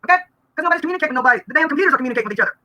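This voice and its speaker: A woman, venting bluntly and rapidly during a live-stream vlog, breaking into laughter now and then. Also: sits high, lively intonation, bright, forceful tone. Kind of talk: rambling live-stream rant.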